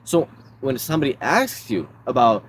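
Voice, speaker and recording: A man's voice: medium pitch, big pitch swings, moderate pace, a little hiss or hum. A man giving casual self-help advice in a laid-back way, calling the listener bro.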